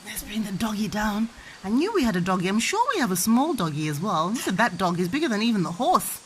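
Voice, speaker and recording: A woman playing pretend with her child, teaching animal names in an animated, playful sing-song way. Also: medium pitch, fast talker, a little hiss or hum.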